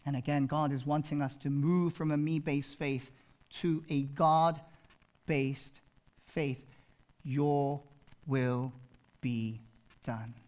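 A male pastor preaching a sermon, swinging from loud proclaiming to hushed intensity and repeating phrases for emphasis. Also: a little high, little pitch movement, slow pace.

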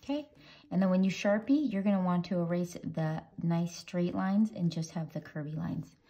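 Her voice is warm and fairly low, moving at a normal speed, as this drawing teacher runs a relaxed tutorial and chats playfully with kids while she draws. Faint music sits under the dull, lo-fi audio.

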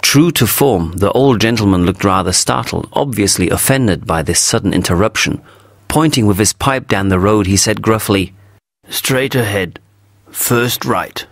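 Male narrator for a graded story reading, low voice, dry close sound. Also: expressive, normal speed, creaky, dry recording. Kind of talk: story reading for English learners.

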